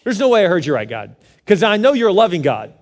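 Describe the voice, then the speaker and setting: A man's voice: sits high, very animated, quick pace. A man preaching plays an older man protesting to God in stammering disbelief, in an echoing hall. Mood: incredulous. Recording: long reverb of a large hall.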